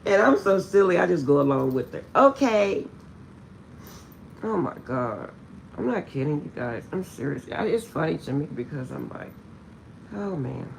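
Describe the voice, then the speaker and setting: A woman vlogger chats casually to her viewers with a gravelly, fry-tinged voice. She tells her story animatedly, laughing often and repeating that she is serious, over a faint hiss in the background. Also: deep voice, very animated, moderate pace.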